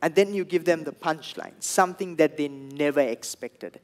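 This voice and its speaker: A young man with a Sri Lankan English accent performing a stand-up comedy set, telling stories and acting out the people in them in loud bursts. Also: fairly high pitch, moderate pace. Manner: animated storytelling, acts out quoted people in loud bursts.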